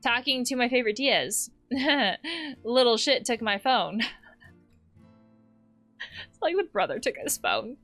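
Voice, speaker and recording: Soft music plays behind a woman therapist reading text messages aloud while gaming, her slightly high voice fairly bright and lively in intonation. She speaks slowly, pausing often, and drops playful, laughing asides and swears between lines.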